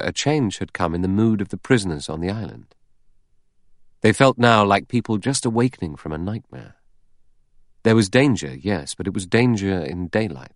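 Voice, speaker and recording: Deep-voiced male audiobook narrator. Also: dry recording, clean studio sound.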